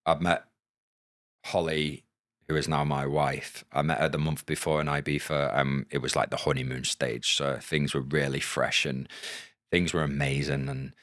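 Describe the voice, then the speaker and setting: A man in his thirties speaks in an extremely deep, low voice. He tells his story in a frank, casual way and swears freely. The recording is close and dry, with no room sound. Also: flat delivery, moderate pace, fairly bright tone, dry recording. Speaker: podcast guest, former footballer. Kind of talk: candid storytelling.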